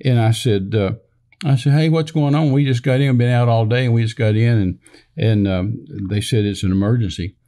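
An older Texan minister tells a rambling personal story in casual conversation, full of fillers and restarts, acting out the dialogue he quotes. His voice is mid-range and warm, at a moderate pace.

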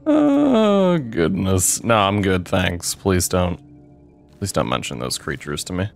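A young man commenting on his own playthrough of a game, reacting excitably and swearing freely, with sudden yelps. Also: deep voice, takes it slowly, gravelly, faint music behind. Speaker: gamer playing a modded game. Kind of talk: let's play commentary.

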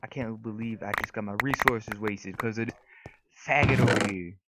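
A young man giving casual, excitable gameplay commentary, trash-talking opponents and swearing often. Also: lowish voice, brisk. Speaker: gaming YouTuber. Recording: noisy recording with mouse and keyboard clicks.

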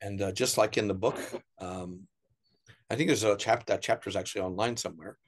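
A middle-aged American man telling stories as an interview guest, animated, putting on voices for the people he quotes. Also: on the low side, brisk. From United States. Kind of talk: casual storytelling interview.

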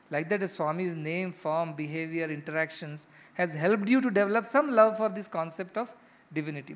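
Emphatic Indian-accented male spiritual teacher. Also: high-pitched. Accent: Indian English. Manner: emphatic, rhetorical questions, repeats key phrases. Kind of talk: spiritual discourse to ashram residents.

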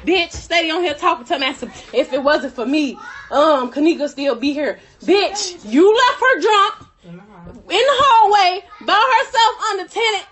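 A woman's voice: very high voice, expressive, normal speed, a bit bright. A woman delivering a heated, profane rant, cursing and laughing through her anger. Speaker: friend telling her side.

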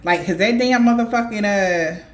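A woman's voice: mid-range voice, moderate pace. A woman intuitive reader telling a dream story in a casual, profane way, with laughing asides. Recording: roomy echo.

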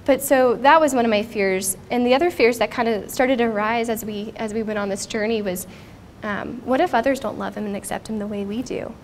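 A woman's voice: fairly high pitch, a little fast, few pauses, a little hiss or hum. A woman in her thirties speaking at a conference, telling a personal story in an earnest, reflective way. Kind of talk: personal testimony talk. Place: conference stage.

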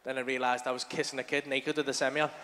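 Very fast and flat in a mid-range voice, a man from England does a crude, blunt stand-up set in a big theatre full of people, acting out outbursts within his stories. The live hall recording is very noisy, with a loud crowd.

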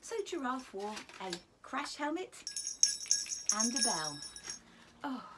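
Teacher lady reading a kids story, slow and bouncy, voice going up and down a lot, sometimes whispering. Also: on the high side, over loud music. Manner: animated, asks children questions, often drops to a whisper. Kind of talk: reading a picture book to children.

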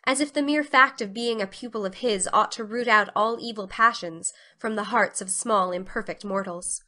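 A woman narrating a classic novel as a dramatic storybook reading, with expressive storytelling. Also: mid-range voice, normal speed.

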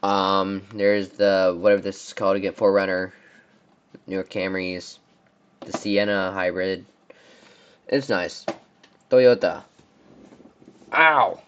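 A man's voice: sits low, fairly even intonation, a little slow, long pauses, clean tone. Rambling young man, lo-fi recording. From United States. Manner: rambling, offhand, stumbling over names. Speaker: car reviewer. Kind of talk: casual commentary on a tier list.

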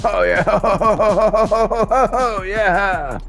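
A man with a high, gravelly voice reacts to a game video in crude commentary. He talks slowly, mocks and curses freely, and breaks into laughter often. Faint music plays under him. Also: fairly bright tone. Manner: profane, mocking, laughing often.

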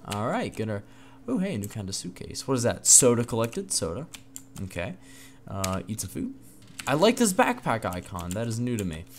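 A man records excitable let's-play commentary in a room at home at night. His voice swoops lively up and down as he exclaims and talks to himself, with faint keyboard typing behind him. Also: lowish voice, moderate pace, slight background noise. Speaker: gaming channel host.

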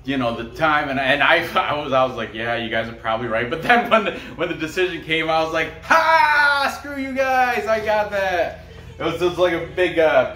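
A man's voice: a little high, fairly bright tone. A man hosting a fight picks show, rambling casually through each picker's calls, laughing and trash-talking along the way. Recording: roomy echo, distant mic, faint music.

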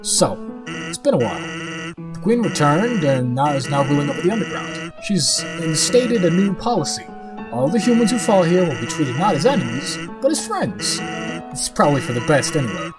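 A man voicing an easygoing male skeleton leaving a relaxed phone message in a game playthrough. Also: fairly high pitch, moderate pace, over loud music, low-quality recording. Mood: laid-back.

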